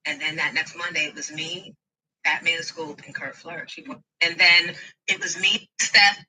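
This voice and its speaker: A woman's voice: sits low, steady tone, measured pace, bright, forceful tone, recorded from a distance, rough recording. Chatty woman telling an anecdote. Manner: chatty, anecdotal, quotes others. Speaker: guest recalling her music career. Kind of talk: storytelling interview.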